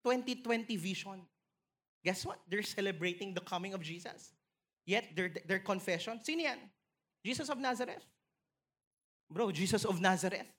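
Filipina pastor lady preaching, bright voice, gets loud and excited on the big points. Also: normal speed, long pauses. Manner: animated, rising to emphatic highs, mixing in Tagalog phrases. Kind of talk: sermon. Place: church.

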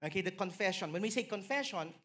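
A woman with a Filipino accent preaching a sermon in church, building to emphatic, excited peaks. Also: fast talker. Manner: animated, rising to emphatic highs, mixing in Tagalog phrases.

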